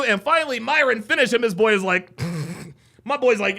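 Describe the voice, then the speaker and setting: A man hosting a livestream, giving excitable, mocking reaction commentary and repeating himself a lot. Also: extremely high pitch, moderate pace, vocal fry. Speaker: livestream host.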